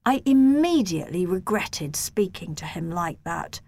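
Woman reading a kids' book out loud, slow and gentle, measured. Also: on the low side, big pitch swings. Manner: gentle, measured, first-person storytelling. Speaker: audiobook narrator. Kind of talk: reading a children's novel aloud.

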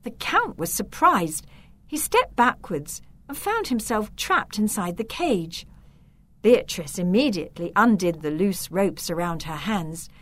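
Woman reading a kids story, slow and super lively up and down. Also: medium pitch. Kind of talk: children's story narration.

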